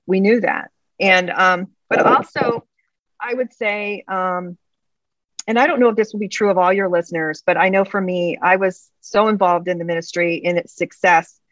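In an interview, a middle-aged pastor's wife earnestly recounts her personal story, acting out past conversations. Her voice is lowish and fairly bright with fairly even intonation and a moderate pace, recorded dry but with slightly dull lo-fi sound.

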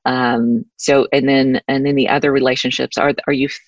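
An earnest woman talks as a guest, with a low, deep voice. Her speech rambles and restarts as she works through her thoughts. The sound is dry and a little dull, like remote audio. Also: little pitch movement, moderate pace, no echo. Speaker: podcast guest, author. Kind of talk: casual interview talk.

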